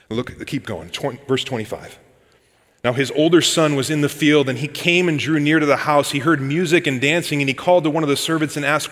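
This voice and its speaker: A man's voice: medium pitch, moderate pace, fairly bright tone. Conversational male preacher in a reverberant hall. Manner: conversational storytelling, addresses listeners as "guys". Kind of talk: sermon.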